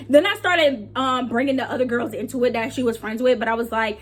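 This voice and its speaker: A woman's voice: on the high side, a little fast, few pauses. A young woman vlogger telling a story in casual, slangy talk, acting out what people said. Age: young adult. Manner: animated, slangy, acts out quotes.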